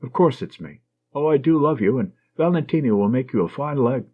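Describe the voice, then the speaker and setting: A man reading an audiobook, voicing a teasing, affectionate young woman nurse in a husky, slightly raised voice that swings lively up and down, on a dull lo-fi recording. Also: mid-range voice, a little fast, close to an everyday voice. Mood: tender.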